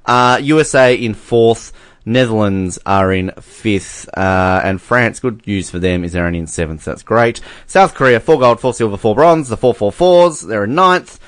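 A man's voice: fairly low pitch, normal speed, smooth, dry recording. Joking man on a dry mic. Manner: joking, rambling, with many fillers. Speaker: podcast co-host. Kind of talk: casual sports chat.

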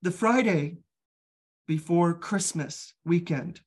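A man candidly telling his personal recovery story as a guest, halting and restarting often, earnest and open. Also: a little high, breathy edge.

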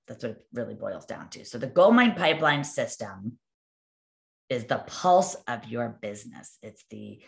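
A woman's voice: very deep voice, gravelly. A woman coaching real estate agents in a motivational talk, telling stories in a chatty way with many asides and tag questions.

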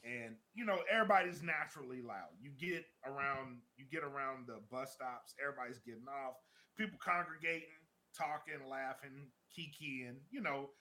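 A man in his thirties, a podcast co-host, telling a story in casual chat, laughing often and acting out shouted quotes. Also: medium pitch, moderate pace.

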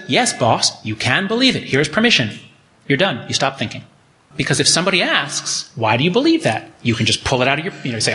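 A man's voice: medium pitch, bright, forceful tone. A middle-aged man lecturing, reading from his own book and acting out quoted voices with animation.

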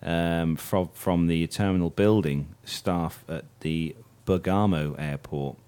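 A man's voice: low voice, fairly even intonation, takes it slowly, dark tone, clear, resonant tone. A man hosting a casual aviation news chat, reading stories aloud with many fillers and small coughs.

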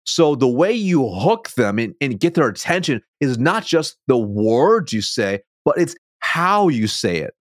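A man being interviewed as a sales coach, a self-described fast talker who stumbles and restarts his words, speaking over a video call. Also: mid-range voice, sing-song, no echo, clean studio sound. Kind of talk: conversational interview.

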